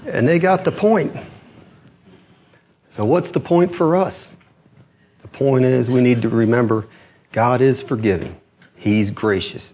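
A male pastor preaching a sermon, telling a story with quoted voices and swinging from raised to low, quiet delivery. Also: unhurried, pauses often, a little hiss or hum. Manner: rising and dropping pitch, animated storytelling with quoted voices. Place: church.

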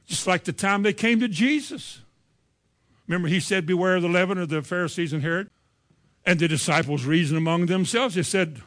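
A man preaching a sermon, reading scripture verses and retelling them in lively, folksy everyday speech. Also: fairly high pitch, normal speed, long pauses.

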